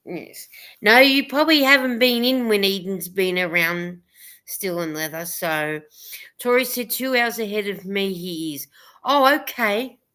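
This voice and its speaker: A woman's voice: medium pitch, animated, unhurried, sharp tone. Woman, livestream host, casual chat, rambling, reads comments aloud. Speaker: host of a live chat stream.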